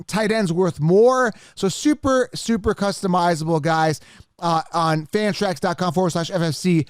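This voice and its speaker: High-voiced animated man on a dry mic. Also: no echo. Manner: animated, gets worked up and exasperated; talks directly to viewers. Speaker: fantasy football podcast host. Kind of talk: casual live mock draft commentary.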